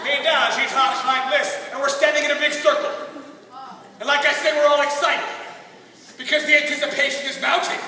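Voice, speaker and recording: Young male youth speaker, high and bright, animated and comic, heard from far off in an echoing hall. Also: fairly quick, a crowd in the background, noisy background. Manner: animated, shouting punchlines, self-mocking. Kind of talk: energetic comic youth talk. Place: large hall. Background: teen audience.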